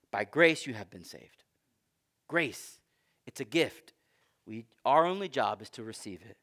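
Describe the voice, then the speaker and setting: A man's voice: high voice, expressive, measured pace, a bit bright. A man preaching a sermon in a conversational, emphatic way. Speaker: pastor.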